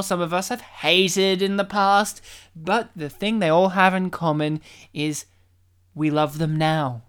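Guy cohosting a podcast, smooth voice, sarcastic jokey chat. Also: high voice, steady tone, unhurried. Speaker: podcast co-host. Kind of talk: casual comedic chat.

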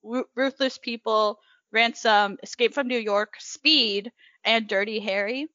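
A young woman co-hosting a podcast in casual chat, chatty and quick to agree. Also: a little high, sharp tone, no echo. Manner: chatty, frequent agreeing "yep". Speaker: podcast co-host. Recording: dull lo-fi, dry sound.

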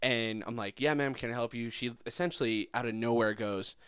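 A man's voice: medium pitch, a little fast, fairly bright tone, clean tone, no echo, studio quality. A young man in casual chat, rambling with lots of filler words and frequent swearing.

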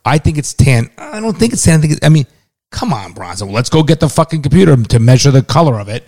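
Here the father's pitch runs fairly high, sing-song and quick, with a darkish tone. He is a middle-aged man in a heated family argument with his son, exasperated, cursing and cutting him off.

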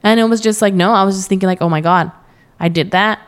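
A woman's voice: mid-range voice, fast. A young adult woman chatting as a podcast guest, telling a story with lots of quoted asides and frequent laughter. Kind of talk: casual interview chat.

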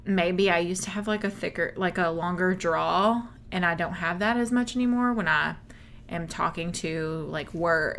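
A woman's voice: on the low side, a little hiss or hum. A woman with a Texan accent co-hosting a casual chat podcast, laughing often and acting out her own reactions. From Texas. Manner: chatty, laughs often, animated retellings. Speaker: podcast co-host.

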